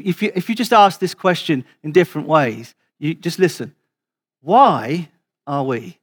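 A man preaching to his church over a video call, repeating and restarting words and slowing down to stress key questions. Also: on the high side. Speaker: pastor.

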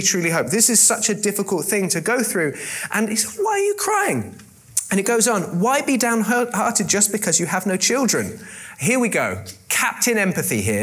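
A man's voice: sits high, fairly bright tone. Wry, joking male preacher. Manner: wry, joking asides with frequent fillers and restarts. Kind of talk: sermon retelling a scripture story.

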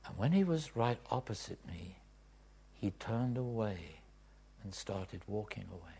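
A man preaching a testimony in a sermon, swinging from hushed whispers to loud cries. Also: on the low side, animated, measured pace, gravelly, husky. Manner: dramatic swings from whispers to shouts.

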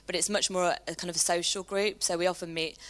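A woman in her thirties, a small group leader being interviewed on a church stage, chatty and quick to laugh. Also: fairly low pitch, fairly even intonation.

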